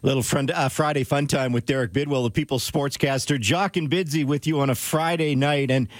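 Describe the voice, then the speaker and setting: A man's voice: medium pitch, fairly even intonation, a little fast, no echo. A man hosting a sports talk radio show, bantering with his co-host and reading out promos and listener texts. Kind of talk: casual radio chat.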